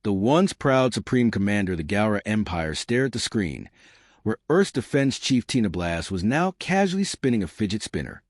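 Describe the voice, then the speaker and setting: A man's voice: lowish voice, very animated, moderate pace, no room sound, studio quality. A man telling a comic sci-fi story in wry, scripted narration.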